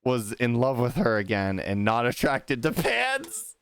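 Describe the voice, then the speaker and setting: A man's voice: medium pitch, unhurried, crowd noise. A man hosting a livestream, chatting casually and animatedly retelling a story in funny voices. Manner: animated storytelling, acting out characters. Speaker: livestream host. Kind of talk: casual group chat.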